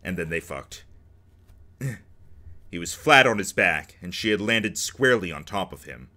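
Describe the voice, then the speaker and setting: A man's voice: sits low, expressive, measured pace, bright, forceful tone. A man reading game text aloud and cracking jokes between the lines as he plays. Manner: joking asides between dramatic narration. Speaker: let's play host.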